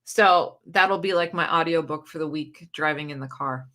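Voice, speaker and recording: A woman's voice: low-pitched, moderate pace, bright, forceful tone. A woman hosting a casual livestream about books, chatting loosely, laughing often and reacting to viewer comments. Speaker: book channel host.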